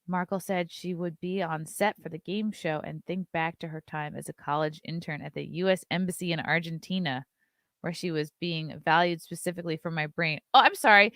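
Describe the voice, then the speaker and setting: A woman's voice: fairly low pitch, a bit bright, dry recording, clean studio sound. Sarcastic ranting woman host. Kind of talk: opinionated commentary.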